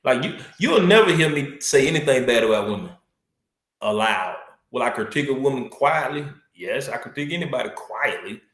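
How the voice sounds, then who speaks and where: A man's voice: medium pitch, big pitch swings, a little fast, a bit bright, echoey room. A man speaking as a podcast guest, earnest and emphatic in casual conversation. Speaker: podcast guest, school assistant principal.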